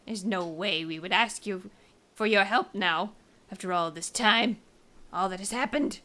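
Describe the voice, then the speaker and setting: In a solemn mood, the same fish-folk soldier, young, proud, and full of bluster, is performed by a woman reading game lines. Her unhurried, medium-pitched voice rings bright as he proclaims his name with great ceremony.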